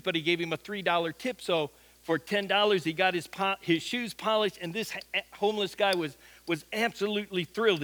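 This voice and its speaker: A man's voice: high-pitched, sharp tone. A middle-aged man, a pastor, telling a folksy anecdote during a sermon. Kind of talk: sermon storytelling.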